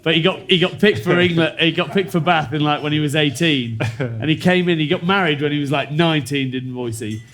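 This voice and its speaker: A man's voice: on the high side, fairly quick, few pauses, fairly bright tone. A man in his forties, a former rugby player on a panel, telling anecdotes in casual chat and laughing often. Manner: storytelling, laughing often, imitating teammates.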